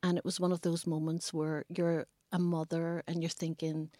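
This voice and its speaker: A middle-aged woman tells a personal story in an interview. Her voice sits a little low and her manner is earnest, with small hesitations. The recording is dry and close, with no room sound. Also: flat delivery, moderate pace, dark tone, no room sound. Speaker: interviewee, mother.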